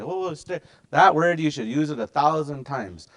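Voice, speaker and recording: A middle-aged man teaching a language class in a relaxed, chatty way. He slowly repeats words for the learners to practice. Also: on the high side. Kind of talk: casual language lesson.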